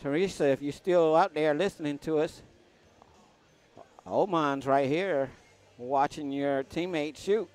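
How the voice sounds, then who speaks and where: A man, casually commentating pool matches on a live stream and giving joking shout-outs to viewers. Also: fairly high pitch, unhurried, soft background music.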